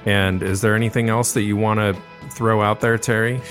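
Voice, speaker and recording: Deep, flat-voiced middle-aged host. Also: male voice, over music. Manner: earnest, slow and measured, short listener backchannels. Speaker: podcast host. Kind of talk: interview hosting.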